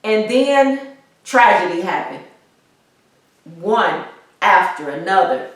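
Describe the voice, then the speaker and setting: A woman vlogger telling a personal story in a halting way, repeating herself as she talks through grief and pushes on, over a weak microphone. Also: mid-range voice, big pitch swings, recorded from a distance. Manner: halting, repeats herself, grieving but pushing on. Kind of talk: personal vlog, emotional storytelling. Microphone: weak built-in microphone. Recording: echoey room, voice off-mic.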